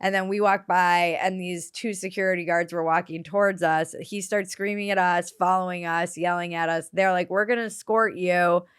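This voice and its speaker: A woman's voice: on the low side, normal speed, hardly any pauses, smooth, no echo, studio quality. A woman hosting a podcast, speaking expressively and swearing freely as she retells events. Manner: expressive, swearing, quotes people in lively retellings. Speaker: podcast host. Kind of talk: casual podcast conversation.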